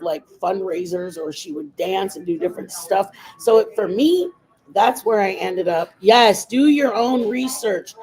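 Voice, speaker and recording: A woman's voice: medium pitch, darkish tone, rough recording. A woman hosting a casual makeup livestream, chatting in a rambling, opinionated way. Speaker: livestream host.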